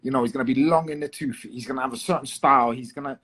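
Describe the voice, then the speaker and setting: Husky-voiced Liverpool fighter. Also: male voice, medium pitch, fairly bright tone. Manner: quick, repetitive, chatty. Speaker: guest fighter. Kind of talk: casual podcast chat.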